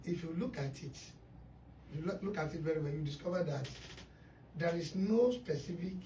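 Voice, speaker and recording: Guy, high voice, pushes questions, echoey room, kinda far from the mic. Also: normal speed, mellow. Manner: argumentative, questioning. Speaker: guest. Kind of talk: radio panel discussion. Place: radio studio. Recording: roomy studio, distant mic, faint noise.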